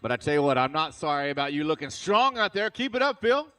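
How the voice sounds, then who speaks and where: A man's voice: on the high side, very animated, fast, sharp tone. A man announcing a live arena fitness competition, hyped and cheering the athletes on. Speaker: event announcer. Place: large indoor arena.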